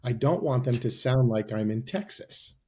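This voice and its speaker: A man as a guest on a podcast interview, explaining his company's service in a persuasive sales-pitch way. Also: normal speed, mellow.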